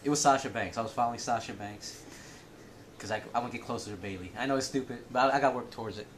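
A man's voice: mid-range voice, very fast, slight background noise. A man co-hosting a casual podcast chat, joking and rambling, often laughing. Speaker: podcast co-host.

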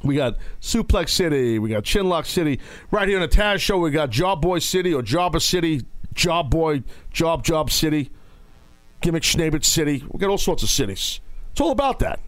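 A man hosting a wrestling podcast, talking casually and loudly, with playful outbursts. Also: a little high, sing-song, normal speed, no echo. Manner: loud, playful, breaks into shouting bits. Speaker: podcast host. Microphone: studio mic.

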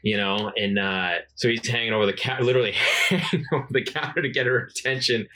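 A man's voice: mid-range voice, fairly quick. A man co-hosting a podcast, telling a profane story in casual chat and acting out the people in it. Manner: profane, animated anecdote-telling with voiced quotes. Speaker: podcast co-host.

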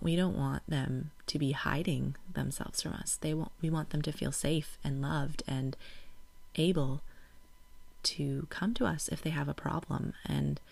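Thirties woman chatting on her parenting podcast, low voice with lots of fry, thoughtful. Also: darkish tone, no echo. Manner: reflective, gets emotional and laughs it off. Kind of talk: casual solo talk.

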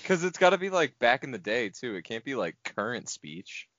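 A man's voice: mid-range voice, very animated, normal speed, a bit bright, dry recording. A young man co-hosting a podcast in easygoing casual chat. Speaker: podcast co-host. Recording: dull lo-fi podcast audio, dry.

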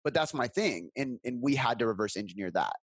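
A man's voice: medium pitch, animated, a little fast, slightly rough, no room sound. A man talking casually as a content creator on a podcast, earnest and reflective, with some swearing.

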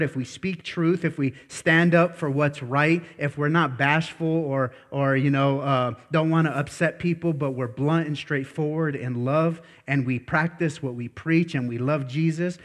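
A man preaches a lively sermon in a fairly high voice. He talks bluntly and puts questions to the congregation. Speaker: pastor.

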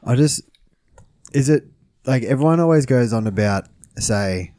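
A man's voice: mid-range voice, lively intonation, a little slow, dark tone, no echo, studio quality. A man co-hosting a sports podcast, blunt and laddish, swearing as he makes his points. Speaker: podcast co-host. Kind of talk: casual sports banter.

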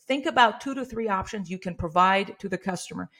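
A middle-aged woman speaks as a business owner coaching her employees. Her delivery is earnest and steady, the tone of someone who has handled hundreds of hard calls. She lightly acts out polite customer-service phrases to show how it's done. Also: mid-range voice, a little fast, few pauses, slightly rough. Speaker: business owner training staff. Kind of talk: workplace training talk.

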